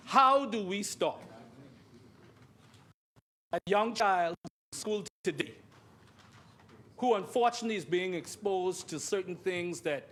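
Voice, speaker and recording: A man's voice: high voice, a bit bright. A Bahamian man with a Bahamian accent giving an emphatic parliamentary debate speech, repeating phrases and often addressing the chair. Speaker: member of parliament. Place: parliament chamber.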